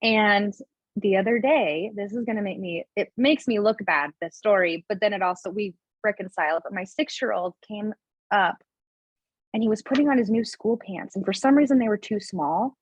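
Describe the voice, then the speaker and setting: A woman's voice: mid-range voice, no echo. A woman in her thirties, a podcast guest, candidly telling a personal family story in a chatty, emotional way with lots of fillers. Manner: emotional, candid, fast-flowing with many "like" fillers. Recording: dull, slightly lo-fi remote recording.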